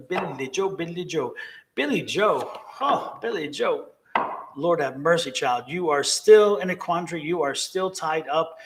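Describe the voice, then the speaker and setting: A man's voice: on the high side, a little hiss or hum. A man giving live-streamed tarot readings, emphatic and encouraging, repeating key phrases to viewers. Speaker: tarot reader.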